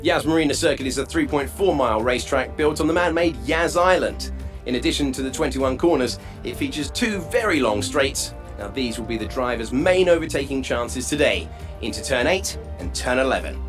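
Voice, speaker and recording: An actor playing an in-game motorsport commentator, delivering scripted broadcast lines in a smooth, enthusiastic presenter manner. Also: male voice, medium pitch, animated, a little fast, close to an everyday voice. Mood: upbeat. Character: polished male motorsport TV presenter. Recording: game audio with music bed.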